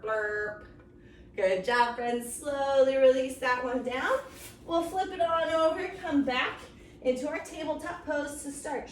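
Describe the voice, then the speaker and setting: Playful high-voiced woman leading kids yoga. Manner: playful, making animal and train sounds, coaxing. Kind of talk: storytime yoga lesson for children. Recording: roomy, far from the mic, faint hiss.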